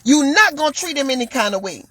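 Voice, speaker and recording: A woman with a high voice delivers a fervent personal monologue, driving her points home through repeated phrases. Her voice sits close to the mic in a dry, deadened space. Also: big pitch swings, quick pace, fairly bright tone, no echo. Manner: emphatic, preachy, repeats phrases for stress. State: shaken, near tears at times. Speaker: commentator.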